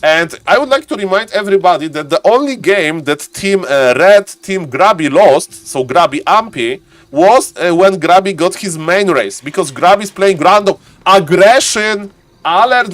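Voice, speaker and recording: A man giving live game commentary as the caster, excitable and laughing often, repeating set phrases. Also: high voice, no room sound. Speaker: esports caster.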